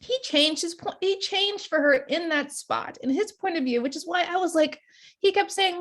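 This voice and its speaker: Animated high-voiced woman co-host. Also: moderate pace. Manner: animated, retells scenes by acting out quotes. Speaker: podcast co-host. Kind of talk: casual chat recapping a reality show.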